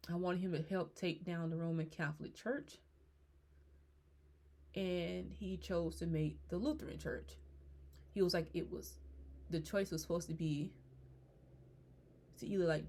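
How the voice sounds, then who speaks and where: Woman tarot reader, lowish voice, rambling casual channeling talk. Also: warm tone. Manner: relays messages in rambling, hesitant speech. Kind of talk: casual spiritual channeling monologue.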